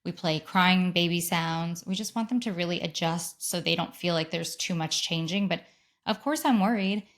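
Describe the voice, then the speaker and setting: A woman in her thirties hosting a solo podcast, telling a story in an animated, gushing way and acting out what people said. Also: on the low side, normal speed. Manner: animated, gushing storyteller who acts out quotes. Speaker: podcast host.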